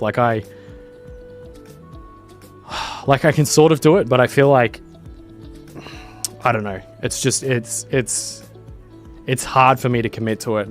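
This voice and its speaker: A man, chatting casually and rambling while streaming a game. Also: lowish voice. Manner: rambling, lots of fillers. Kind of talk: casual chat while gaming.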